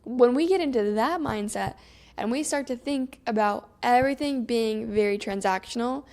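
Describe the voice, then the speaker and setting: A young adult woman hosting a solo podcast, talking in a chatty, animated way and acting out her own inner thoughts. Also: a little high, moderate pace. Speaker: podcast host.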